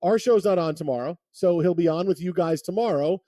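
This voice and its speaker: A man's voice: sits high, a little fast, dark tone, no room sound, studio quality. A man hosting sports talk radio, rambling and often restarting his sentences. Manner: rambling, repeats words when restarting thoughts.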